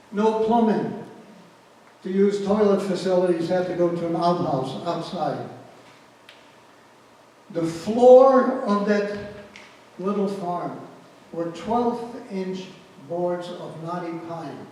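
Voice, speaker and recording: A man's voice: high voice, dark tone, a little hiss or hum. A man in his eighties giving spoken testimony to an audience, telling his story earnestly and repeating words for emphasis. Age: 80s. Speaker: Holocaust survivor giving testimony. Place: large community event hall. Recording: echoey hall, voice from far off.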